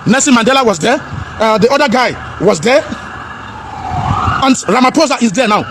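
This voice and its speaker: A man's voice: extremely high pitch, animated, moderate pace, noisy background. A man in an impassioned, preachy monologue, asking rhetorical questions and slipping into pidgin.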